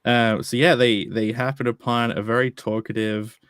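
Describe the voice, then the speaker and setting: A man's voice: mid-range voice, fairly even intonation, moderate pace, a bit bright, clear, resonant tone, no room sound, studio quality. A man chatting casually about a comic, enthusiastic and laughing often. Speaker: streamer discussing a comic. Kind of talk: casual chat.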